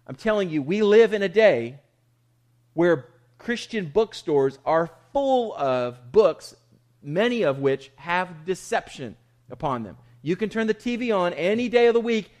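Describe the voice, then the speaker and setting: A man preaching a sermon in a conversational, emphatic way, asking questions and answering them himself. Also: high voice. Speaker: pastor.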